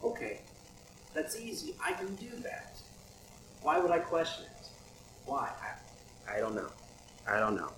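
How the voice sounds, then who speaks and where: A man's voice: on the low side, huge pitch swings, a little slow, long pauses. A man preaching a sermon in a conversational way, asking many rhetorical questions. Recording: echoey room with audible background noise.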